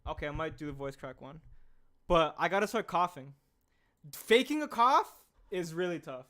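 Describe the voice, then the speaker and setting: A man's voice: fairly high pitch, animated, moderate pace, fairly bright tone. A man in his twenties chatting casually and with a laid-back manner on a livestream, into a USB condenser mic. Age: 20s. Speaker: streamer and animator.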